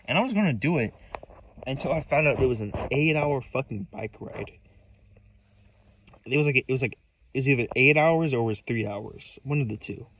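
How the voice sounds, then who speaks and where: A man's voice: medium pitch, animated, normal speed, long pauses, a bit bright, rough recording. A man telling a personal story in a casual monologue, agitated and profane, rambling with many restarts. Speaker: vlogger.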